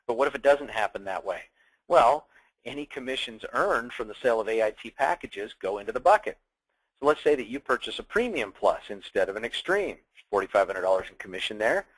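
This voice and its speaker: A man's voice: mid-range voice, fairly bright tone, low-quality recording. A man presenting a sales training, upbeat and emphatic like a salesman.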